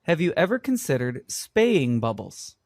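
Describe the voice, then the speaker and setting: A calm, reassuring vet. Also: male voice, a little high, unhurried, no room sound, studio quality. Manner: patient, reassuring, explanatory. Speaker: vet in a scripted exam dialogue. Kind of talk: scripted exam role-play.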